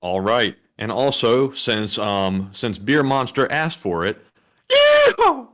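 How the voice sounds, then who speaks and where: A man co-hosting a livestream, reading viewer donation messages aloud in a steady, matter-of-fact way. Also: fairly low pitch, takes it slowly.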